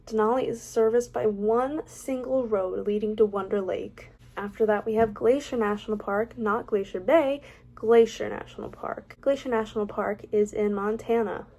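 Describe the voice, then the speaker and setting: A woman's voice: medium pitch, steady tone, normal speed, warm tone. A young woman vlogging casually, reading out facts and adding chatty, opinionated, self-mocking asides. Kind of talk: casual ranking vlog, reading facts aloud.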